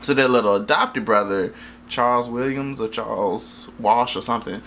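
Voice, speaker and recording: A man's voice: mid-range voice, moderate pace, bright, forceful tone, a little hiss or hum. A man casually reviewing a movie in a rambling, jokey, profane way, often losing track of names.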